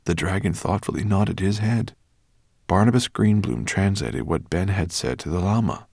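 A man narrating a children's fantasy novel in a measured storytelling manner. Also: low voice, gravelly, a little mellow, no echo, studio quality. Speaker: audiobook narrator. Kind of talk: scripted narration.

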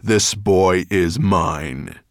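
A man voicing a calm, commanding dragon. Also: deep voice, no echo, clean studio sound, exaggerated voice. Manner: slow, steady and authoritative.

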